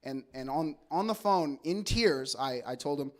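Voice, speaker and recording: A man's voice: a little high, moderate pace, hardly any pauses. A man from El Segundo doing a stand-up comedy set, telling stories in a loose, rambling, profane way with lots of stammered restarts. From El Segundo, California.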